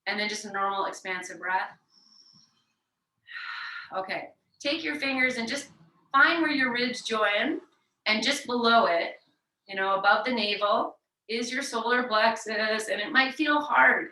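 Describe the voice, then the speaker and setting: A woman leads a yoga class with gentle, encouraging cues, stopping to demonstrate forceful breathing exercises. Her voice is bright and clear. She is recorded from some distance in an echoey room. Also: fairly high pitch, a little slow, long pauses. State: sweating from exertion. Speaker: yoga teacher. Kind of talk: guided yoga class instruction. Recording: roomy echo, voice heard from a distance.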